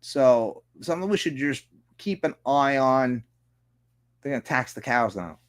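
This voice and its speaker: A man's voice: mid-range voice, expressive, a little slow. A man hosting a political commentary show, reading news articles aloud and breaking off with sarcastic, profane asides. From Canada. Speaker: host.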